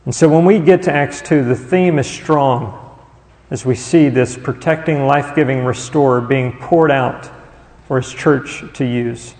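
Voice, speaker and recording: A man preaching a sermon as pastor, asking the congregation rhetorical questions and slowing down to linger on listed words. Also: medium pitch, darkish tone, in a large hall, low-quality recording.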